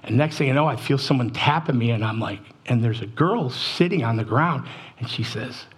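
Husky middle-aged man preaching a testimony. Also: lively intonation, normal speed. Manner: emotional storytelling, drops low and quiet at sad moments. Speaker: church speaker. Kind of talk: sermon testimony.

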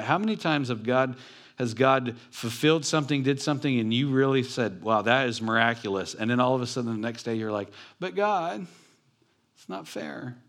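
A man preaching a sermon in a church, talking in a conversational, joking way with his congregation. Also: mid-range voice. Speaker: pastor. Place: church building.

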